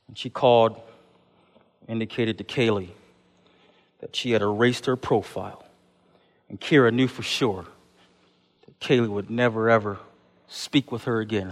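In a church sanctuary with long hall reverb, a mid-range male pastor preaches for Easter at a moderate pace, pausing often. He calls the congregation "church" and builds repeated, rhythmic refrains.

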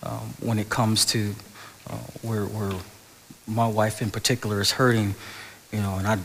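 A middle-aged male pastor preaching a sermon, moving between loud animated stretches and soft, hushed passages, in a church sanctuary. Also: lowish voice, normal speed, creaky, a little hiss or hum. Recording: large hall with long reverb.

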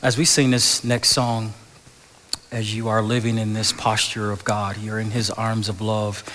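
A man's voice: fairly low pitch, level tone, a little slow, bright, forceful tone, a little hiss or hum. A man preaching a conversational sermon as a pastor, often repeating his words and dropping to a whisper on key phrases. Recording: long hall reverb.

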